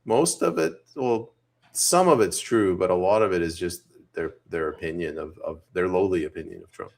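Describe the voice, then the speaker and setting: A man from Canada co-hosting a political podcast, weighing his opinions with a wry, measured tone. His voice is deep and low-pitched. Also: gravelly, darkish tone. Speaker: podcast co-host. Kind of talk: casual political chat.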